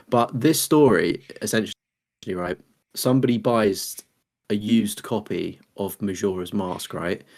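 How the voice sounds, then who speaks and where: Young man, podcast co-host, rambling, filler-heavy, lowish voice. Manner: chatty, rambling, full of "like". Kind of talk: casual podcast chat.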